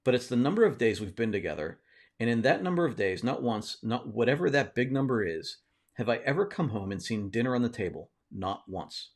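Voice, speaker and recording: A man reading the lines of a husband in a kitchen quarrel, speaking calmly and levelly, curious rather than angry. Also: medium pitch, fairly quick.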